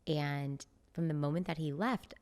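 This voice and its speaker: A woman with a low-pitched voice recounts a dating story on a podcast. She talks in a chatty way, dropping "like" often and slipping into the voices of people she quotes. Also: normal speed, darkish tone. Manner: chatty, frequent "like" fillers, acts out quoted dialogue. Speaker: podcast guest. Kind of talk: casual chat, storytelling.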